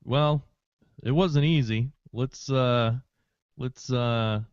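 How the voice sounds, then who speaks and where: A man's voice: medium pitch, drawn-out words, a little mellow, clean tone, no echo, muffled recording. A man speaking as his character in a tabletop role-playing game, casual and joking, with a little swagger. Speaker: player.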